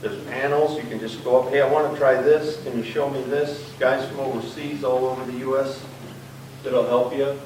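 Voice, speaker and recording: A man's voice: mid-range voice, steady tone, normal speed, darkish tone, recorded from a distance, a little hiss or hum. A man from Minnesota, a sign painter on a forum panel, who tells rambling stories and laughs as he talks. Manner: chatty, laughs through his stories. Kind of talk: rambling storytelling and advice. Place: college forum room. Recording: echoey hall, mic from afar.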